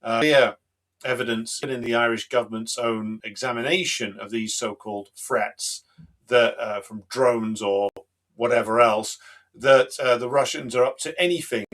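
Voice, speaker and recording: Male livestream host, mid-pitched, emphatic and combative, lots of "uh"s. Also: fairly bright tone. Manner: combative, emphatic, with frequent fillers. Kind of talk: live-stream commentary.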